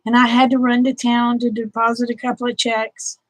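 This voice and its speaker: A Southern woman with a high voice talks to her viewers on a livestream, emotional and close to tears. Her chatty voice sounds dry and close to the mic. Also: monotone, fairly quick, no room sound, poor audio. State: tearful. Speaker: livestream host. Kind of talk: casual live chat with viewers.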